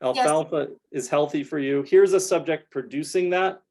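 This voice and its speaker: A man delivers a science lecture in a lecture room, walking listeners through his data step by step. His voice sits a little high for a man, and his explanations are careful and full of small fillers. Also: moderate pace, a little mellow. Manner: explanatory, frequent hedging fillers like "kind of". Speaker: researcher giving a talk. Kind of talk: academic lecture with slides.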